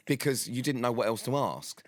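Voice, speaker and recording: A man co-hosting a podcast in casual chat, blunt and emphatic, swearing freely and quick to defend himself. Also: medium pitch, animated, slight background noise. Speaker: podcast co-host.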